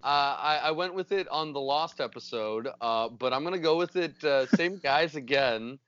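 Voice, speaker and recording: A fairly high-voiced man talks over a dry, dull remote call line. He rambles excitedly and swears freely, hyped up in casual podcast chat. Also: normal speed, clean tone, dry recording. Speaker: podcast co-host. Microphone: remote call mic.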